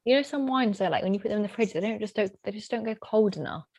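A woman's voice: medium pitch, expressive, fast talker, a little mellow, slightly rough, no room sound. A young woman co-hosting a casual chat podcast, chatty and full of "like" and "literally". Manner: chatty, says "literally" and "like" a lot. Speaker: podcast co-host.

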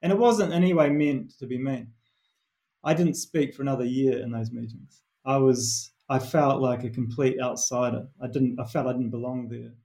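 A man's voice: mid-range voice, steady tone, moderate pace, warm tone. A middle-aged man with a New Zealand accent, a performance coach telling stories in an earnest, reflective interview answer with frequent restarts.

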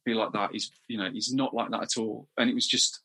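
Bright-voiced man, halting and candid. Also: on the low side, steady tone. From England. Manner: halting, many restarts and repeated words. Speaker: interview guest. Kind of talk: candid personal interview.

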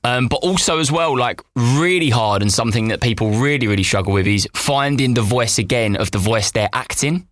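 A man's voice: medium pitch, fairly quick, few pauses, no echo, studio quality. A British man co-hosting a podcast, chatting casually and rambling with plenty of fillers. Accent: British English. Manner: relaxed, rambling with many fillers. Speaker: podcast co-host. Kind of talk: casual chat.

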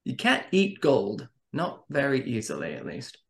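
A man's voice: mid-range voice, huge pitch swings, a little slow, creaky, crowd noise. A man playing a tabletop game, chatting casually and bluffing playfully. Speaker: player.

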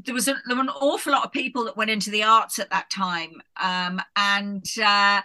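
A middle-aged woman from England speaks as a guest in a casual interview, her voice bright and forceful. She thinks out loud, circling back with "you know" and restarting her sentences. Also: medium pitch, fairly even intonation, moderate pace. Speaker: guest author.

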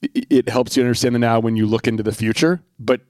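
A man's voice: mid-range voice, little pitch movement, fast, a little mellow, no room sound, clean studio sound. A man co-hosting a podcast, talking candidly with his wife in a reflective, self-deprecating way. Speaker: podcast co-host.

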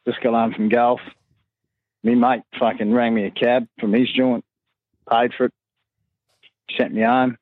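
A man tells a crude story full of swearing. His voice is husky and a little breathy. The recording is muffled and dry, like a voice message. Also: mid-range voice, little pitch movement, unhurried, pauses often, no echo.

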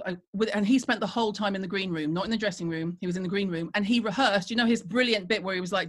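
Middle-aged British woman guest, chatty anecdote teller, lively quoting voice. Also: mid-range voice, fast, few pauses. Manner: animated gossipy storytelling with acted-out quotes. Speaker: guest storyteller. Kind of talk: casual chat, anecdote.

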